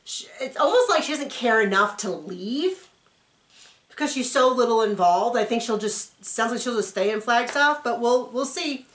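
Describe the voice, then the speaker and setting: A woman's voice: fairly high pitch, lively intonation, moderate pace. A woman doing a casual, chatty reaction recap of a TV episode, with sarcastic asides. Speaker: TV recap reviewer. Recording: roomy echo.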